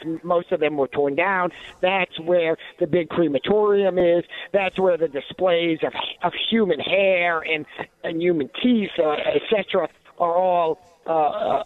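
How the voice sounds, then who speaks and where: An indignant man with a high voice gives sarcastic talk radio commentary. He keeps restarting and adding asides. The sound is thin and phone-like, with no room around it. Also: steady tone, moderate pace, no room sound.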